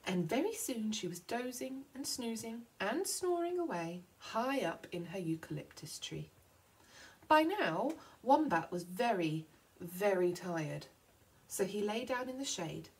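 A woman teacher reading a picture book aloud to children, slowing down for effect. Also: medium pitch, low-quality recording. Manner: expressive storytelling, slowing for effect.

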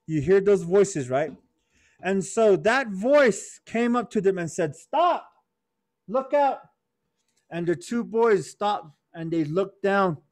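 A man telling a moral story to children at a youth conference, animated, and calling on listeners by name. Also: high-pitched, slow.

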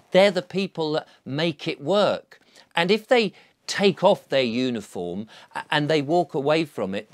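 Man, lively swooping pitch, earnest rambling monologue, coaxing, stop-start. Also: no echo, clean studio sound. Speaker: video blogger. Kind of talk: informal monologue to camera.

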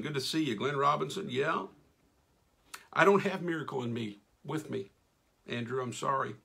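Gravelly man hosting a live stream. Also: a little high. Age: middle-aged. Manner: folksy, enthusiastic, shout-outs to viewers. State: losing his voice. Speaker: radio host reading live comments. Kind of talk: casual live-stream chat.

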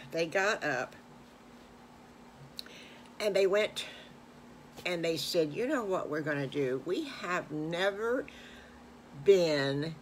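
An older woman, a grandmother, making up a bedtime story as she goes in a homespun, meandering way, growing animated at its emotional moments. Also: deep voice, slight background noise.

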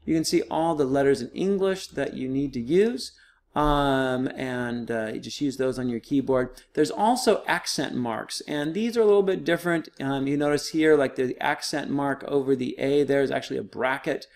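A man's voice: mid-range voice, normal speed, a little mellow. A man teaching a recorded online lesson, explaining step by step in a casual, patient way with frequent fillers.

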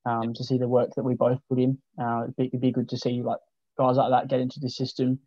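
A relaxed Australian man in his late teens talks casually as a podcast guest, hesitating and restarting often. His voice stays mostly level, with little rise or fall. The recording is dry and a little dull, like a lo-fi capture. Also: medium pitch, fast, dry recording. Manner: laid-back, many ums and restarts. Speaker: guest, junior footballer. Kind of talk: casual interview chat.

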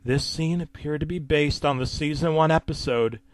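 A man's voice: a little high, normal speed, no echo. Man reading a horror story in a dry voice. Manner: casual, wry asides, sometimes dropping to a whisper. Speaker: narrator.

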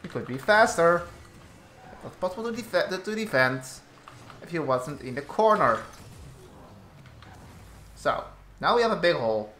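Slow-talking man commentating gameplay. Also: a little high, sing-song, bright, forceful tone, reverberant, a little hiss or hum. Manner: slow, halting commentary with frequent restarts, exasperated at teammates. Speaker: gaming YouTuber.

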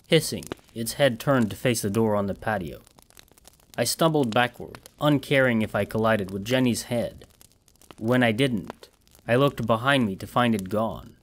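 Measured male horror narrator. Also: fairly low pitch, slight background noise. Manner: measured, dramatic storytelling. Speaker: audiobook narrator.

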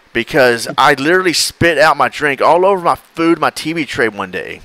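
Bright-voiced enthusiastic man chatting. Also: fairly high pitch, lively intonation, moderate pace, hardly any pauses, no echo. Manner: enthusiastic, rambling, acts out clips. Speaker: podcast co-host. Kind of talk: casual chat.

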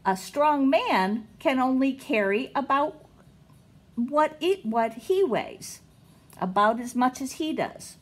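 A middle-aged woman teacher reads to small children in a high, slow and breathy voice. Her pitch climbs and dips in wide swings, and every question rises up high. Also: animated. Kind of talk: reading picture books aloud to children.

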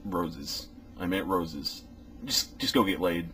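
A man making crude, deadpan birthday jokes. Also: sits low, slow.

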